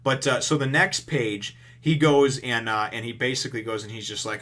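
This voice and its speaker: A man's voice: mid-range voice, steady tone, normal speed, hardly any pauses, a bit bright. A man casually recapping and reviewing a comic chapter, rambling with lots of fillers and the odd swear word. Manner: rambling, heavy on fillers like "you know", emphatic and casually profane.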